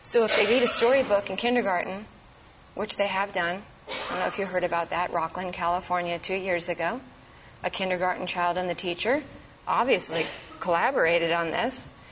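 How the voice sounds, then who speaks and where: A woman speaks to a church gathering with earnest, urgent emphasis. Her voice sits fairly low for a woman. Faint noise hums behind her. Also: moderate pace. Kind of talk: impassioned advocacy talk.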